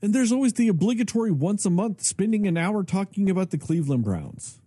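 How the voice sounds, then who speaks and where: A man's voice: high voice, fairly quick, slightly rough, dry recording. A man co-hosting a podcast in casual chat, ranting and swearing a lot as he talks. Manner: profane, ranting, animated. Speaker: podcast co-host.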